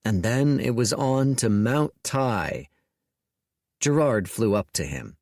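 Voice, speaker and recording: Man narrating an audiobook, slow and lively. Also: mid-range voice, no echo, studio quality.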